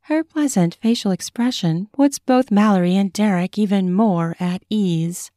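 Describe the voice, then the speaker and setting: Woman, author reading her own story, measured sensual narration, mellow, dry close mic. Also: medium pitch, no echo. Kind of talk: audiobook reading.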